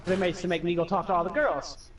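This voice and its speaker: A man's voice: high voice, quick pace, far from the mic, a crowd in the background. A young man casually telling profane stories over gameplay, acting out his friends and family. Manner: animated, profane, acts out quoted friends and family. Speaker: streamer telling stories while playing.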